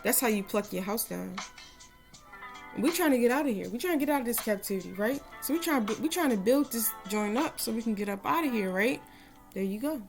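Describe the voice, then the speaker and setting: A woman's voice: a little high, expressive, fairly quick, gravelly, soft background music. A woman giving casual devotional advice to her followers, earnest and rambling, with many "you know" asides, and reciting a prayer. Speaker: religious vlogger giving advice to women.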